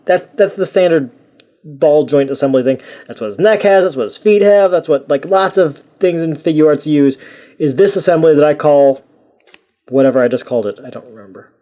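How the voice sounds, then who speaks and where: A man's voice: fairly high pitch, moderate pace, dark tone. A man giving a casual toy review, rambling and joking at his own expense. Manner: rambling, jokey and self-mocking.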